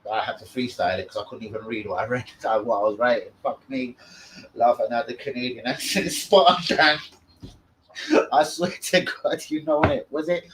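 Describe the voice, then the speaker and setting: A man's voice: mid-range voice, moderate pace, fairly bright tone, low-quality recording. A man hosting a live stream, trash-talking in a brash, profane way. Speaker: host of a fan channel. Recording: faint background noise.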